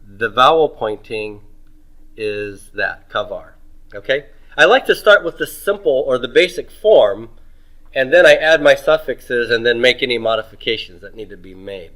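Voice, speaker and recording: A middle-aged man leads a grammar lesson in a bright, forceful voice. He asks questions, pauses, and answers them himself, stretching out words as he spells them. His pitch sits in a middle range. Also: animated, rough recording. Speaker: Hebrew grammar teacher. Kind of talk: homework review lecture.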